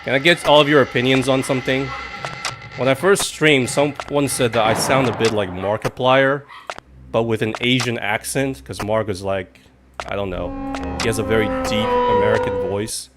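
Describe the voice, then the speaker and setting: A man's voice: medium pitch, steady tone, moderate pace, over music. A man streaming a game live, chatting in a rambling way with sudden jumpy outbursts when startled. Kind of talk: casual live gaming commentary.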